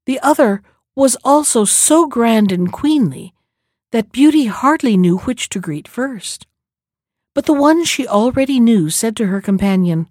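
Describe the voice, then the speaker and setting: A woman's voice: fairly high pitch, animated, a little slow, a little mellow, no room sound. Woman reading a fairy tale, dry and close. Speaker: storyteller.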